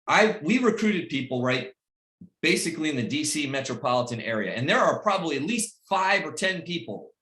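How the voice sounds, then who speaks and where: A middle-aged man giving a motivational speech to his team on a video call, emphatic and repetitive, swinging between loud pep talk and quiet personal stories. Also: fairly high pitch, big pitch swings, a little fast, roomy sound. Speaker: team leader addressing his recruits.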